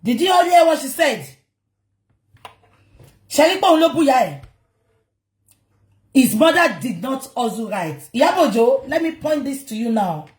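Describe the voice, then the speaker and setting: A Nigerian woman hosts a live gossip stream, indignant and pressing her viewers with repeated questions. Her voice sits fairly high and rings in a roomy, echoing space. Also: big pitch swings, moderate pace, long pauses. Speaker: livestream host. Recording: roomy echo.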